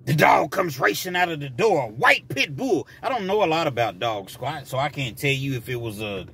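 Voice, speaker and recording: Lively, bright-voiced male storyteller who acts scenes out, casual vlog delivery. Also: on the high side, normal speed, gravelly, husky.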